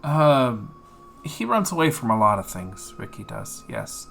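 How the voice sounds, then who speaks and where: A man narrating as game master in a tabletop game, halting with many fillers. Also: on the low side, huge pitch swings, creaky, fairly bright tone, faint music behind.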